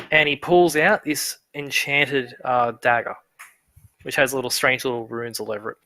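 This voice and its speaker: A man's voice: mid-range voice, fairly even intonation, moderate pace, sharp tone. A man narrating a tabletop game as its game master at home, in a loose, rambling way. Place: home room.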